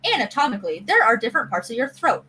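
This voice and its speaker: A woman from the American South hosting a podcast, chatting casually and telling stories with lively voice play. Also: on the high side, fast, slight background noise, low-quality recording. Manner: chatty, animated storytelling with voice play. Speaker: podcast host. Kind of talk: casual chat.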